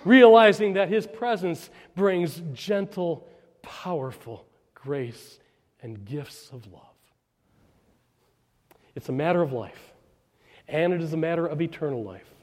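A male pastor delivers an Easter sermon in a church sanctuary, his fairly high voice ringing out with a long reverb. He swings from loud, rising proclamation down to soft, slowed prayer.

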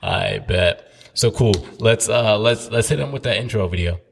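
A man's voice: lowish voice, normal speed, gravelly, a little hiss or hum. A young adult man, a pastor co-hosting a podcast in casual chat, upbeat and laughing often, with lots of fillers. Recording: long room reverb.

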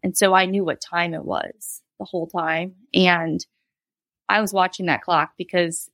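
A woman in her thirties, a guest in a casual interview, tells a personal story candidly and ramblingly, with laughs and quoted asides. Her voice is on the low side and fairly bright, with fairly even intonation at a measured pace, and the recording has no room sound.

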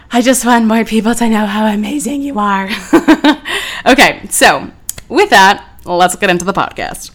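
A woman in her twenties hosting a casual solo podcast, talking in a bubbly, gushing way. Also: on the high side. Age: 20s. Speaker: podcast host.

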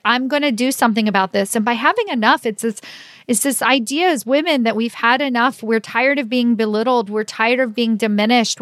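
A woman's voice: fairly high pitch, a bit bright, no room sound, clean studio sound. A middle-aged woman, a leadership coach talking through a solo podcast episode in an earnest, chatty way, full of "like" and "right?". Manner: conversational, fillers like "like" and "right?".

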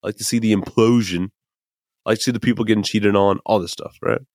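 A man's voice: fairly low pitch, fairly even intonation, fast talker, darkish tone, dry recording, studio quality. A young man from the American Midwest hosting a podcast, rambling in casual, emphatic commentary full of fillers and the odd curse word. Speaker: podcast host.

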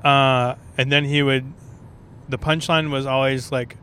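A man's voice: mid-range voice, little pitch movement, unhurried, pushed and bright, a little hiss or hum. Profane rambling man podcasting on the road. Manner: rambling, profane, laid-back. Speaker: stand-up comedian and podcaster. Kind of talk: casual solo podcast monologue.

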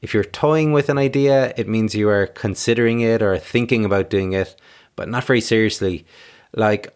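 A man hosting an English lesson, calmly explaining phrases and giving examples. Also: mid-range voice. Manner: clear, measured explaining with examples. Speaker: English teacher host. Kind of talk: scripted explanation.

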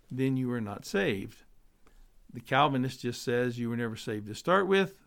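Measured male Bible teacher. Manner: measured, explanatory, trails off low at ends of points. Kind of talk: theology lecture with scripture reading.

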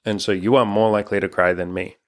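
A young man with a lowish voice speaks fast and flatly while hosting a casual couple's chat. He's a relationship coach and channel host who talks frankly, rambles, and swears often.

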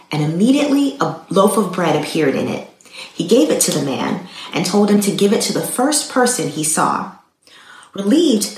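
A woman earnestly telling a devotional story and speaking directly to listeners. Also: on the low side. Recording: roomy echo.

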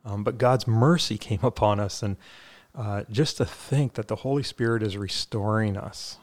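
A man's voice: on the low side, normal speed. A man talking earnestly on a faith podcast, with many fillers and restarts, then leading a prayer.

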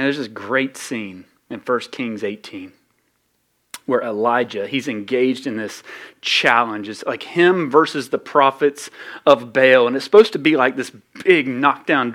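A man preaching a sermon, his voice sitting a touch high for a man. He talks to the congregation conversationally, then swings from loud bursts down to near-murmurs. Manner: conversational, animated preaching with sudden loud peaks and drops. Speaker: pastor.

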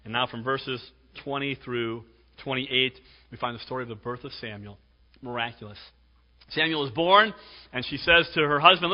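A man's voice: medium pitch, moderate pace. Emphatic preacher man in a hall. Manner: emphatic, swings from loud to hushed. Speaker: pastor. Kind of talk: sermon. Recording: dull lo-fi recording with long hall reverb.

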